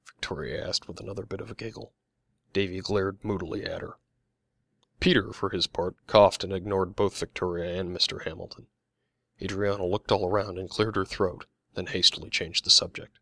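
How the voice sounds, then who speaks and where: A man narrating his own mystery novel as an audiobook, in a steady, plain storytelling manner. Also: low voice, normal speed, gravelly, no echo, studio quality.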